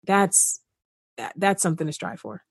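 A woman's voice: on the low side, lively intonation, moderate pace, creaky, slightly rough, no echo, studio quality. A woman guest in an earnest podcast conversation, speaking with passion and repeating phrases for emphasis.

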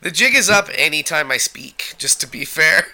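A man's voice: on the high side, animated, moderate pace, over a noisy crowd, rough recording. A man co-hosting a casual podcast while sick, joking at his own expense. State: sick, sore throat. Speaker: podcast co-host.

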